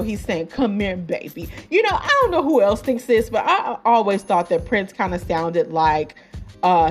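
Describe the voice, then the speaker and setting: A woman talks through an album review like a podcast host among friends. Her talk wanders with fillers and quick asides, at a middling pitch, with faint music underneath. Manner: chatty, many fillers and asides, laughs at her own jokes. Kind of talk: casual album review chat.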